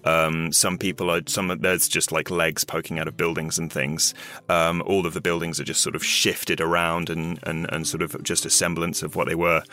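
A man's voice: low-pitched, flat delivery, moderate pace, few pauses, bright, forceful tone. A man playing a tabletop game, narrating his character's backstory in a hesitant way with many restarts. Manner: hesitant, full of fillers and restarts. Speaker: player. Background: guitar music.

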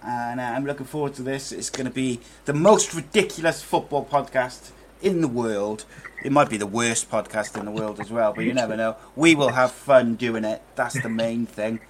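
A man's voice: medium pitch, moderate pace. A man hosting a casual football podcast, talking in a loose, rambling way with lots of fillers. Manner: chatty, rambling, many fillers. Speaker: podcast host. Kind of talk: casual chat.

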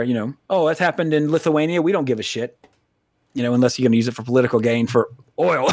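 A man's voice: fairly high pitch, no room sound. An American man co-hosting a podcast in a casual, rambling, profane way, laughing often. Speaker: podcast co-host.

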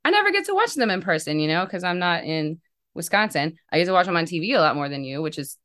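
A woman co-hosting a fan podcast, telling stories in a casual, animated way with frequent laughter. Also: on the low side, quick pace. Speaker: podcast co-host. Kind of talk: casual chat.

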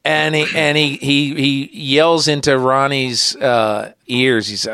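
A male podcast host interviewing a guest, telling anecdotes with lively energy and some hesitant restarts. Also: mid-range voice, slow pace, smooth, no echo, clean studio sound. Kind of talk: conversational interview.

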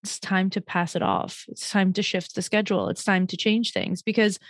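A woman's voice: mid-range voice, big pitch swings, normal speed, no echo, clean studio sound. A woman hosting an interview, explaining her views on roles and shared workload in a confident, reasoned way. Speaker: host. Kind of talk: interview discussion.

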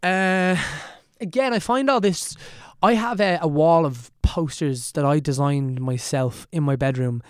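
A young Irish man in his twenties chatting as a podcast guest, quick and self-deprecating with lots of fillers. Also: fairly high pitch, clean tone, no echo, studio quality. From Ireland. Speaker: podcast guest answering questions. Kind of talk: casual podcast chat.

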